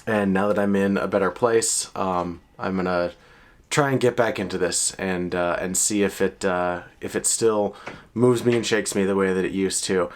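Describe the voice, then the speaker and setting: A man with a very deep, low-pitched voice talks straight to camera in a casual vlog update. He sounds reflective and thoughtful, often stopping to find his words. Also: fairly even intonation, normal speed. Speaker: video creator.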